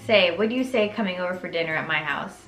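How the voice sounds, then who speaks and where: A young woman voicing a caring middle-aged mother from a story game, speaking softly and gently. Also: lowish voice, fast talker, roomy sound, faint music behind, natural voice.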